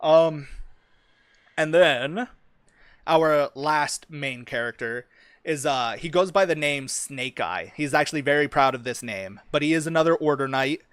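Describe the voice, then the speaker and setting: A man's voice: on the high side, a little slow, fairly bright tone, clear, resonant tone, dry recording. A young man streaming, chatting casually and with plenty of swearing about the fantasy story he is writing, full of ums and likes.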